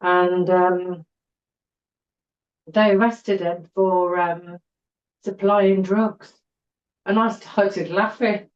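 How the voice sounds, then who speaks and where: A woman's voice: medium pitch, steady tone, extremely slow, long pauses. A middle-aged woman, a podcast guest telling her personal story in an earnest way and repeating words for emphasis. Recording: roomy, dull-sounding recording.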